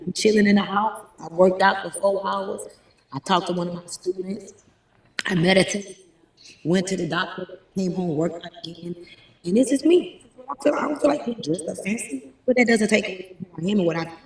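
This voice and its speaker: A woman telling stories in an animated, emphatic way as a guest, speaking from home. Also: lowish voice. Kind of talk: casual interview talk. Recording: roomy echo, distant mic.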